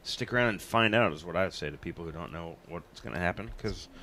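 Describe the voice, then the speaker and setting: Deep-voiced joking male host. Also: fast, bright, forceful tone. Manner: rambling, joking. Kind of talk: casual comedic chat.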